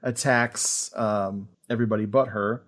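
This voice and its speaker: Animated man hosting a film podcast. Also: fairly low pitch, a little slow. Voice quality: animated, laughs often, many fillers. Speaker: podcast host. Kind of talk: casual film review chat.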